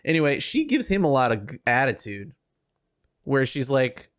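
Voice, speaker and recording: A man co-hosting a podcast, talking in a loose, rambling way with restarts and animated asides. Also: medium pitch, normal speed, dry recording, studio quality. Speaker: podcast co-host. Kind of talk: casual chat.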